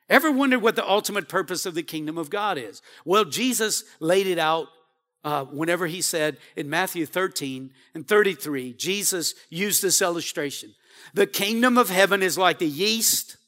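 A man with a high, bright voice preaches to his congregation. He calls for responses from the pews and swings between quiet, low passages and loud, rising appeals. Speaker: pastor. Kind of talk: sermon.

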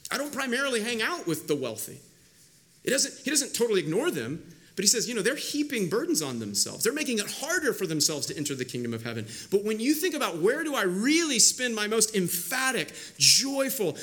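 Earnest high-voiced man preaching a sermon. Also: fairly bright tone. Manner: earnest, varies pace, slows to stress words. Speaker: pastor. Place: church sanctuary.

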